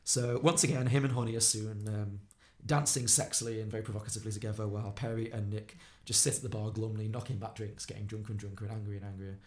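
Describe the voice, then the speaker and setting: A man on a podcast, retelling a film plot quickly and acting out the characters' lines. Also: fairly low pitch, flat delivery, a little mellow. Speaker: podcast co-host. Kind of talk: casual film podcast recap.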